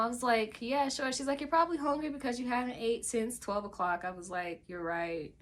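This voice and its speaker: A young woman vlogger telling a casual story, acting out what she and others said with raised pitch and whispers. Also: a bit bright. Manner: acts out her own quotes with rising pitch and whispers.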